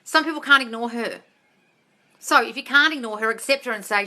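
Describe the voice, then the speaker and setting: A woman hosting a live question-and-answer stream. She reads viewers' comments and answers them bluntly, with constant swearing, often calling them "darling" and sometimes breaking into loud, scolding rants. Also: medium pitch, fairly quick. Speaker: host of a live manifesting Q&A. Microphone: livestream phone or webcam mic.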